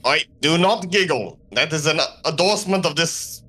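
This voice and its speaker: A man's voice: a little high, moderate pace, bright, forceful tone. A man voicing a stiff, prim adventurer who speaks in formal, stuffy phrases. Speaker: player.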